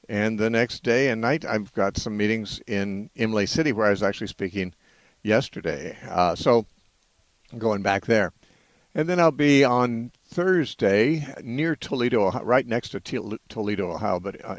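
A man's voice: on the low side, dry recording. A man hosting a call-in radio show, talking in a rambling, hesitant way with many fillers. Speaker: radio host.

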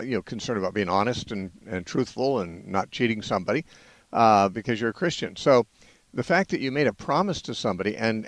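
A man's voice: medium pitch, no echo. A man hosting a call-in radio show, talking in a rambling, hesitant way with many fillers. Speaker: radio host.

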